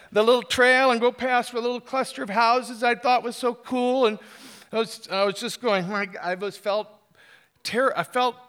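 A man telling a personal story on stage, animated and self-deprecating, often restarting his sentences. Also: extremely high pitch, clean tone.

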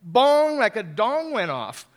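A man telling a personal story on stage, animated and self-deprecating, often restarting his sentences. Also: high-pitched, slow.

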